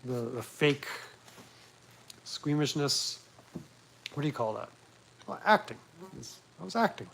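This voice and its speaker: A man's voice: mid-range voice, lively intonation, unhurried, vocal fry, long pauses, a bit bright, a little hiss or hum, rough recording. A man casually hosting a live talk stream from home, rambling and crude with self-mocking humor. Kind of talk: casual chat. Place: at home, livestreaming from a laptop.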